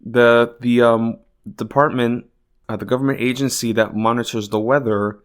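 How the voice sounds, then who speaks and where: A man's voice: medium pitch, fairly even intonation, moderate pace, clear, resonant tone. A man hosting a podcast who reads news quotes aloud and reacts with exasperated, profane commentary, full of "like" and "you know". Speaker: podcast host. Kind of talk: casual political commentary.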